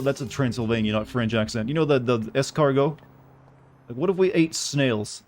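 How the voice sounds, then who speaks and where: A man's voice: mid-range voice, moderate pace, a little mellow. A man streaming a game, chatting casually and answering viewers' questions in a rambling, joking way. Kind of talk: casual gameplay commentary.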